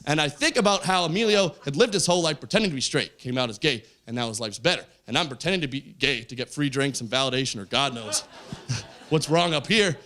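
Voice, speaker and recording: A young man doing stand-up storytelling on a comedy club stage, acting out the people in his story and yelling some punchlines. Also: mid-range voice, fast. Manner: animated, voices quoted friends, yells punchlines. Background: audience laughter.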